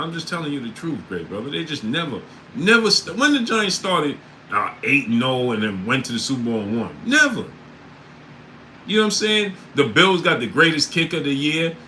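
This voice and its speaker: A man hosting a casual sports livestream, reading out chat names and breaking into loud disbelief. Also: medium pitch, very animated, moderate pace, a little hiss or hum, rough recording.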